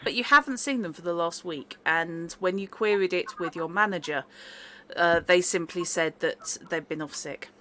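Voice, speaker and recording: A woman's voice: on the low side, normal speed, a bit bright, slight background noise. A woman running a tabletop horror game as game master, chatty and informal, laughing often, over a video call.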